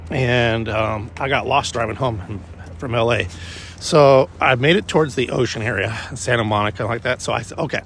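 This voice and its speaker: A man's voice: mid-range voice, fairly bright tone, slight background noise. A man vlogging casually on a morning walk with his dog, telling a rambling personal story with restarts and swearing.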